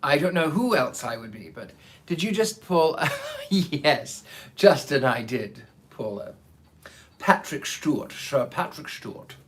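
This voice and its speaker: A man's voice: a little high, sing-song, a little slow. A man hosting a live online reading show, chatting theatrically with viewers and greeting them by name before reading a book aloud. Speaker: host of a live storytelling stream. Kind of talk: casual chat and reading aloud.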